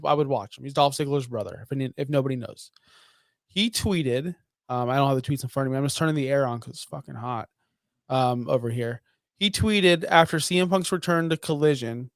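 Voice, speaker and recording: A man's voice: a little high, brisk, no echo, clean studio sound. A young man co-hosting a casual wrestling podcast, blunt, profane and full of strong opinions. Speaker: podcast co-host.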